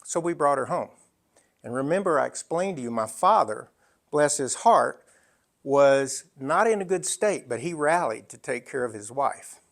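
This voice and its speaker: A man in his sixties giving an emphatic storytelling talk, full of dramatic pauses. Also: medium pitch, lively intonation. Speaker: speaker.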